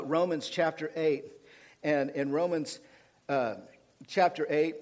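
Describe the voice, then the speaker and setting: A pastor delivers a sermon in a slightly high voice for a man. He swings between loud, driving emphasis and quiet, hushed passages.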